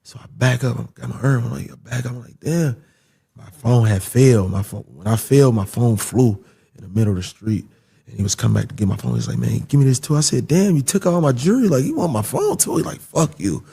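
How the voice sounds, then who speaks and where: A young man casually telling a story, animated and swearing, acting out the voices of the people in it. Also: medium pitch, quick pace, gravelly, husky.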